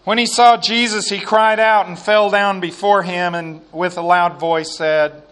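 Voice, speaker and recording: Slow, bright-voiced male preacher. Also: high-pitched, steady tone, smooth. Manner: slow, emphatic preaching, dropping to quiet asides. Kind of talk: sermon with scripture reading.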